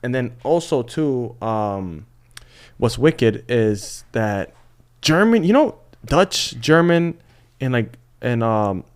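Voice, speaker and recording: A young man in his twenties, chatting as a podcast guest. His delivery is animated, and he mimics other people's voices as he tells stories. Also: mid-range voice, takes it slowly, clear, resonant tone. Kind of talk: casual podcast chat.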